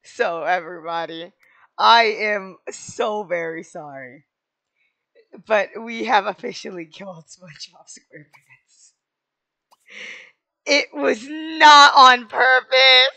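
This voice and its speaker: A woman's voice: mid-range voice, takes it slowly, bright, forceful tone. A woman hosting casual game commentary, playful and melodramatic, breaking into wailing shrieks between chatty asides. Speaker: gaming channel host.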